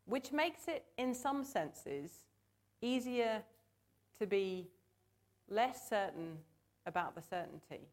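A woman's voice: medium pitch, lively intonation, slow pace, pauses often, a little mellow. A woman preaching a sermon in church, earnest and conversational, asking the congregation to join in.

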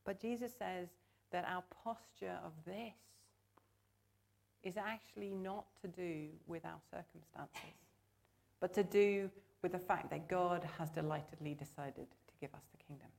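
A woman gives a sermon in church, earnest and conversational in tone. Her voice sits a little low, and she pulls the congregation in as she talks. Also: a little slow, creaky, a little mellow. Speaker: preacher.

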